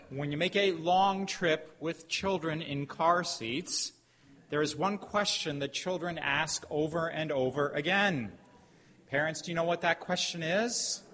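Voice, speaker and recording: A middle-aged man preaching a sermon as a pastor, telling a story with emphatic pauses. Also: mid-range voice, bright, forceful tone. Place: church sanctuary. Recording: hall reverb, faint background noise.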